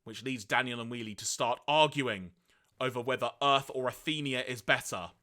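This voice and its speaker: A man co-hosting a podcast, retelling episodes in a lively way and acting out quoted lines. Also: normal speed. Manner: lively storytelling, acts out quoted lines in high voices. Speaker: podcast co-host. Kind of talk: casual podcast recap.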